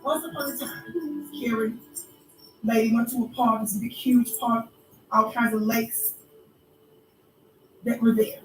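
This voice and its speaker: A woman's voice: fairly high pitch, fairly even intonation, a little slow, long pauses, distant mic. A woman vlogger telling a mocking story in an emphatic, preacher-like way, recorded in an echoey room away from the mic with faint music. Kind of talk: storytelling commentary.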